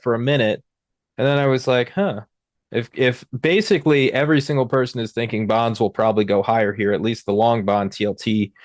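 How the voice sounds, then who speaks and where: A man's voice: on the low side, no room sound, clean studio sound. A young adult man hosting a live market show, talking casually and rambling, with many fillers and restarts. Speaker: host. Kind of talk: casual livestream market talk.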